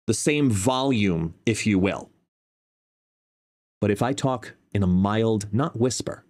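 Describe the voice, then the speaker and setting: A man's voice: lowish voice, expressive, unhurried. Chatty man testing his mic on a stream. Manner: chatty, explains while testing his mic, shifts between quiet and loud. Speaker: live-stream host. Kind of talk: casual chat. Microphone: desk microphone, no headphones.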